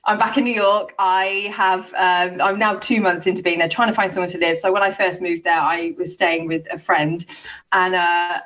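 A woman's voice: lowish voice, normal speed. A young woman tells a rambling story in casual podcast chat. She swears a lot and trips over her words. Her voice sounds a little distant from the mic. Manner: animated, swears freely, lots of restarts. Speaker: podcast co-host telling stories.

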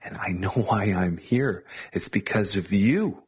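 Earnest low-voiced man telling his story. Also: expressive, slightly rough. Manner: earnest, halting storytelling with restarts. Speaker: guest. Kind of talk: personal testimony in an interview.

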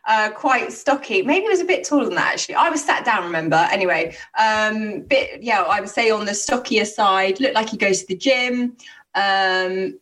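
A young woman spins a lively anecdote on a casual chat show, acting out what people said and breaking into quick laughs. She sits a little back from the mic, so her voice sounds slightly distant. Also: mid-range voice. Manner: animated storyteller, quick laughs and acted-out quotes. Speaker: co-host.

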